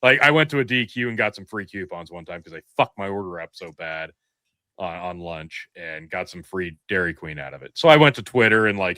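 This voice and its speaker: A man with a Midwestern accent chats on a podcast in a lower register, his tone bright and pushing forward. He tells animated stories with casual swearing. The sound is close and dry, with no room around it. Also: a little fast, no room sound. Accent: Midwestern American. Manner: animated storyteller, swears freely. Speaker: podcast co-host. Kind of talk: casual chat.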